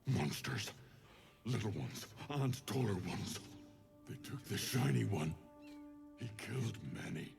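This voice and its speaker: A man's voice: lively intonation, slow, pauses often, music in the background, heavily acted. An actor playing a proud, blunt male animal in a video game, speaking in short, plain sentences. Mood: gruff. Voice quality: deep, gravelly.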